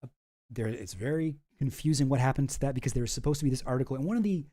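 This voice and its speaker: A man's voice: mid-range voice, rapid-fire, mellow. A man giving casual, rambling commentary with lots of fillers, reading documents aloud as he goes.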